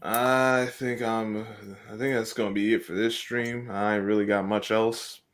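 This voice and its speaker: A man's voice: on the low side, a little slow. A man from the US East Coast hosting a casual live stream, ranting and laughing often. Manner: animated ranting with frequent laughs.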